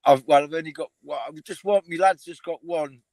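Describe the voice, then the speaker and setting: Older bloke, laid-back chat, dry unechoing mic. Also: male voice, fairly high pitch, steady tone, a little fast, darkish tone, dry recording. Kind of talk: casual chat.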